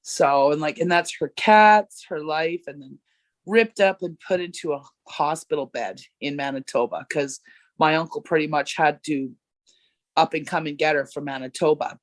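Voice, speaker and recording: A woman's voice: sits low, moderate pace, dry recording. A woman from Canada talking as a podcast guest over a video call, joking bluntly and swearing freely. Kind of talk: casual chat.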